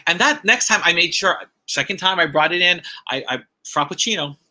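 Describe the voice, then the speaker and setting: A man's voice: sits high, expressive, a little fast, sharp tone. A man giving a personal testimony at a church ceremony, telling a story with repeated phrases and acted-out quotes.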